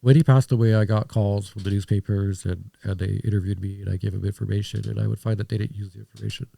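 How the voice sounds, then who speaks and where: Man, podcast guest, quick speech, deep-ish low tone, reflective, dry close sound. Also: fairly even intonation, creaky, mellow, no room sound. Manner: reflective, rambling with restarts. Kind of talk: casual conversation.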